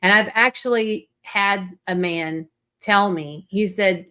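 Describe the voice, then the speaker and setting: A woman's voice: mid-range voice, slow, sharp tone, smooth. A middle-aged woman hosting a casual chat, talking bluntly and emphatically with frequent swearing. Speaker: podcast host.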